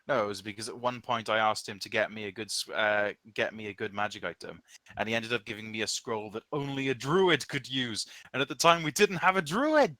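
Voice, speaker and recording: A man's voice: fairly low pitch, fairly quick, sharp tone, no echo. A man playing in a tabletop game, thinking aloud as he reads spell rules and weighs his options. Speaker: player. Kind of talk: casual tabletop game chat.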